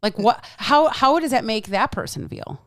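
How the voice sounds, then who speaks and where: A woman's voice: a little high, animated, moderate pace, fairly bright tone, dry recording, studio quality. A woman, chatting frankly as a podcast guest, swearing freely and acting out quotes. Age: 40s. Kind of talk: casual podcast chat.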